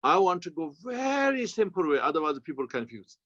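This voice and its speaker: A man with a Tibetan accent, a Buddhist teacher giving a slow, halting dharma commentary in non-native English. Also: on the high side, big pitch swings, a bit bright, no room sound. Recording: dull, lo-fi sound.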